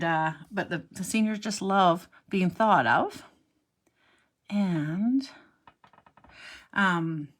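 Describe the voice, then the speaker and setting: A woman's voice: mid-range voice, fairly bright tone, slight background noise. A middle-aged woman giving a chatty live card-stamping demonstration, rambling and talking to herself as she works. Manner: rambling, self-interrupting, talks to herself while working. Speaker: stamping instructor.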